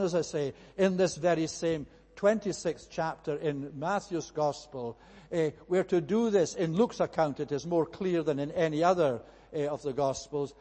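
A man delivering a sermon as a minister, earnest and emphatic, often pausing with "eh" between phrases. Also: high voice, warm tone. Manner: earnest, emphatic preaching with frequent "eh" fillers. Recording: long reverb of a large hall.

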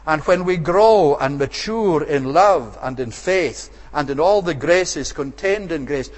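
A man's voice: fairly high pitch, lively intonation, a little slow. A man preaching an expository sermon with emphatic, repetitive rhetorical phrasing. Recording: long hall reverb.

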